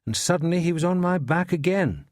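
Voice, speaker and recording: A man's voice: a little high, animated, brisk, a little mellow, dry recording, studio quality, close to an everyday voice. An actor playing an evasive older male academic from Scotland, defensive under police questioning.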